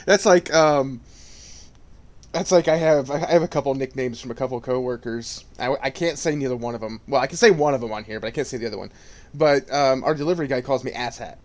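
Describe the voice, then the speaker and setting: A man's voice: mid-range voice, brisk. A man joking and teasing his friend in a casual live-stream chat. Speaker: streamer co-host.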